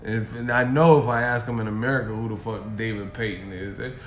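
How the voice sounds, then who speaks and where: A man's voice: lowish voice, fairly even intonation, fairly quick, soft background music. A man ranting on a stream in a profane, mocking way from a hotel room. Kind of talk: casual rant. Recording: echoey room.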